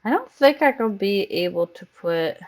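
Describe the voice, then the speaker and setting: A woman's voice: medium pitch, animated, normal speed, a little mellow. A woman streaming a game live, chatting casually and cooing baby talk to her cat between comments on the game.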